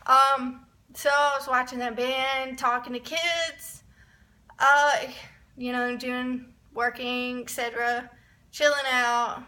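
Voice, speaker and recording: A young woman telling a rambling, excitable story in a casual vlog, often restarting her sentences. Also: high voice, slow. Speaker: vlogger.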